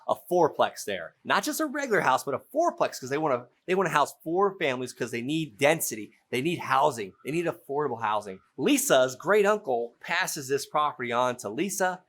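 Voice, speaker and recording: A middle-aged man teaching real estate by acting out a phone negotiation as a lively story. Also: on the high side, normal speed, few pauses. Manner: animated storytelling, playful role-play. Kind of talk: teaching through an acted-out example.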